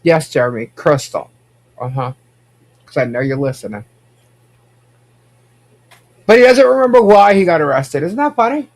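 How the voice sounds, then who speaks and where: A man's voice: fairly high pitch, big pitch swings, normal speed, pauses often. A man hosting a casual podcast, chatting and reacting to viewer comments. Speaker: podcast host. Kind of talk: casual gossip chat.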